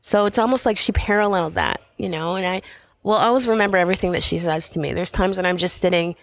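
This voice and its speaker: A middle-aged woman from Canada speaks as a podcast guest, recounting her life and faith. Her voice sits on the low side, recorded close and dry with no room sound. She tells her story with animation and slips into other people's voices when she quotes them. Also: fast, vocal fry, dry recording. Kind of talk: personal faith story in conversation.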